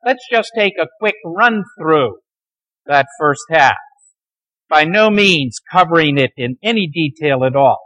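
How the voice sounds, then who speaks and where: A man lecturing a class on the Bible, telling its stories dramatically and sometimes dropping to a near hush. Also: fairly high pitch, animated, measured pace, rough recording. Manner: dramatic storytelling, dropping to near hushed tones.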